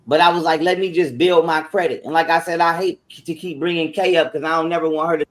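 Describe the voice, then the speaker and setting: A man's voice: on the high side, steady tone, quick pace. A man ranting on a livestream, profane and defensive, repeating himself.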